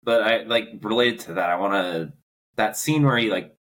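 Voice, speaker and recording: A man's voice: fairly low pitch, moderate pace, fairly bright tone. A man co-hosting a podcast, chatting eagerly about favorite scenes with lots of filler words. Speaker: podcast co-host. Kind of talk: casual chat.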